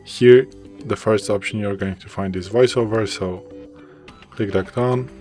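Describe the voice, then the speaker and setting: A man with a Polish accent talks through a phone tutorial in a plain, unhurried way, pausing and restarting as he goes. His voice sits a little low. Soft music plays faintly behind him. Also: steady tone. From Poland. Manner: plain, loosely worded explaining with hesitations. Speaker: tech tutorial presenter. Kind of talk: casual screen walkthrough.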